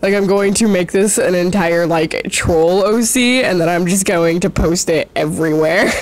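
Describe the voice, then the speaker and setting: A teenage drawing vlogger chats casually and giggles while sketching, often mocking themselves and swearing. Their mid-range voice holds a level tone at a moderate pace, and they ramble, trailing off and starting over again and again.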